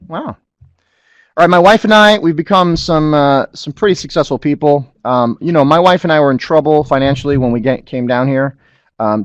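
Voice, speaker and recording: A middle-aged man presents a business opportunity over a webinar, mixing personal stories with pitches. He keeps checking in with listeners and leans on repetition. His voice sits at an average pitch, recorded close with no room sound. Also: dry recording, dull audio. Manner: animated storyteller, asks the audience to agree.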